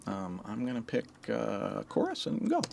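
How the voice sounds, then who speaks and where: A man's voice: fairly low pitch, huge pitch swings, normal speed, vocal fry, darkish tone. Chatty man mixing on a livestream. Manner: loose and chatty, with slang and swearing. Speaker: mixing engineer hosting a livestream. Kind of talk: casual livestream teaching.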